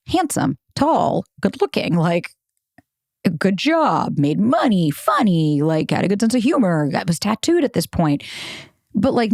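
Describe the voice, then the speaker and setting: A woman in her thirties hosts her own podcast and tells a personal story in a frank, chatty way, full of "like" and casual cursing. Her voice sits a little low for a woman and sounds close and dry, with no room around it. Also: gravelly, darkish tone, no room sound. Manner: candid, casual, swears freely, heavy use of "like". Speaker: podcast host.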